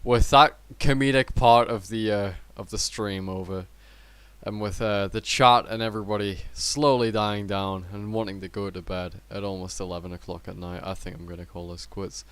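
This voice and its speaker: Brash young British man with a low voice, hosting a live stream and trading teasing, foul-mouthed banter in loose, casual chat. His delivery is loud and joking in the back-and-forth. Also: steady tone, normal speed, clear, resonant tone. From Britain. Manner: brash, teasing, swears a lot. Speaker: streamer host.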